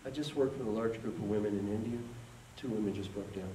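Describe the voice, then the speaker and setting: A fast, warm, lowish male voice fills a conference hall as the keynote speaker motivates his audience and leads them in call and response. Echo from the hall, a distant microphone and faint noise color the recording.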